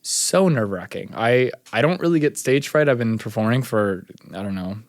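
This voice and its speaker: A man's voice: medium pitch, lively intonation, normal speed, no room sound, clean studio sound. A young man, a musician guest, casually telling tour stories with many fillers. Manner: laid-back storytelling, many fillers. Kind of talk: casual interview chat.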